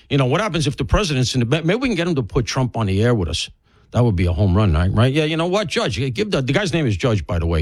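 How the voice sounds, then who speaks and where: Filling in on a talk radio show, a medium-pitched man delivers a rambling, conversational monologue full of wry jokes at his own expense. His allergies leave him sounding stuffy, and the studio broadcast mic captures him dry.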